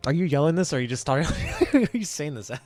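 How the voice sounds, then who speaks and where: A male game master narrating a tabletop game casually, with lots of fillers and quick asides. His pitch is lively and on the high side, and the sound is close and dry. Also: no echo, soft background music. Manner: casual, filler-heavy, laughing.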